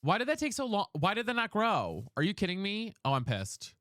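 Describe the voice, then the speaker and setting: A man's voice: high voice, huge pitch swings, fairly quick, fairly bright tone, a little hiss or hum. A man streaming a video game live, chatting casually and sassily while reading out his chat. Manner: sassy, chatty, reads chat aloud.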